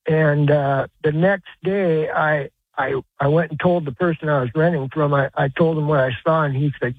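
Guy calling into radio, kinda high voice, rambles with lots of uh's, thin phone sound. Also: steady tone, no echo. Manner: rambling, halting, many uh's and restarts, earnest. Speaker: caller. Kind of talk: telling a personal story on call-in radio. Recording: tinny phone line.

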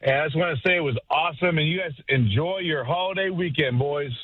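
Man, radio caller, slangy laid-back talk, tinny phone sound, slightly high. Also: fast, no room sound. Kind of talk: casual call-in chat.

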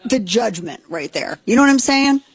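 Chatty Missouri-raised woman, husky voice. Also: fairly high pitch, moderate pace, no room sound. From Missouri, USA. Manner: animated storytelling with frequent laughs. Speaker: host. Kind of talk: casual chat.

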